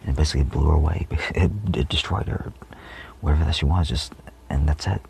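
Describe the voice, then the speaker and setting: A man with a very deep voice and a heavy vocal fry rambles through a spiritual monologue. He meanders, restarts and often drops into a whisper. A faint hiss sits under his voice. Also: fairly quick, a little mellow. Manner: meandering, many fillers, often trails off into whispers. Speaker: spiritual vlogger.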